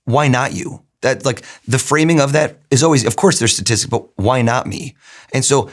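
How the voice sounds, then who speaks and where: A man's voice: medium pitch, moderate pace. A middle-aged man, an interview guest, telling stories animatedly and acting out what others said. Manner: animated storyteller, acts out quoted lines. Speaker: guest, mentalist. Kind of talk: conversational interview storytelling.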